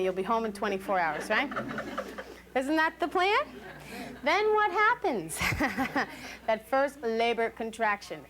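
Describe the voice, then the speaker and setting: A woman leading a postpartum class for new parents, talking in an animated way, acting out quoted voices and laughing often. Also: a little high. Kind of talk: lively educational talk to new parents. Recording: hissy 1980s VHS recording.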